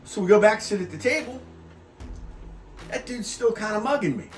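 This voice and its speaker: A man telling a personal story in a laid-back way, often dropping to a quiet, calm voice. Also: high-pitched, normal speed. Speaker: host. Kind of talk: storytelling monologue. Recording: roomy echo with faint guitar music.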